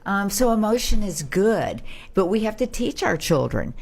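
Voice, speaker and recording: A woman's voice: mid-range voice, sing-song, moderate pace, creaky, a little mellow. A middle-aged woman, a brain health expert, giving advice in a casual panel chat and acting out little exchanges.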